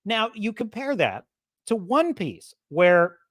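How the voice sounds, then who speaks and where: A podcast host with a mid-range voice takes it slowly while ranting in a sarcastic, casual, opinionated way. She laughs often, mimics characters, and swings between loud and soft, all in studio-quality audio with no echo.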